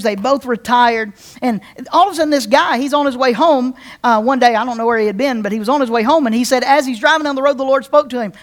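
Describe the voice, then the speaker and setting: Animated conversational pastor preaching. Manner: conversational, repeats phrases, asks the crowd "right?"; animated, with big swings in pitch and loudness. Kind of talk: sermon storytelling.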